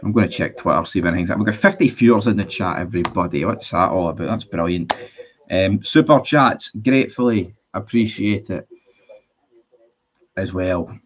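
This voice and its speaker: A man hosts a casual livestream. He rambles bluntly, swears freely and restarts his sentences often. His voice sits fairly low and comes through dull, lo-fi stream audio. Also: normal speed. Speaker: livestream host. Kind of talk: casual livestream chat reading viewer comments.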